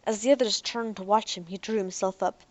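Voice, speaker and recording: A woman's voice: mid-range voice, fairly even intonation, fairly quick, no echo. Woman reading a sci-fi audiobook. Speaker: audiobook narrator. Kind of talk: audiobook narration.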